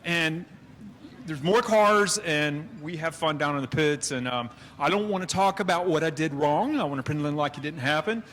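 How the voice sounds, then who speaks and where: A man's voice: a little high, moderate pace, a bit bright, slight background noise. A man who finished second in a race, joking and self-deprecating in a post-race interview.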